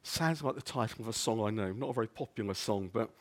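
Guy preaching, earnest, keeps restarting words, goes hushed on the quotes. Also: lowish voice, fast talker. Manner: earnest, stumbles and repeats words, drops to near-whisper on quotes. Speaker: pastor. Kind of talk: sermon.

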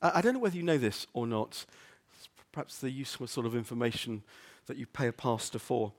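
A man preaching a sermon as a pastor, earnest, often repeating words and dropping soft on quotes. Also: mid-range voice, animated, quick pace. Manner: earnest, stumbles and repeats words, drops to near-whisper on quotes.

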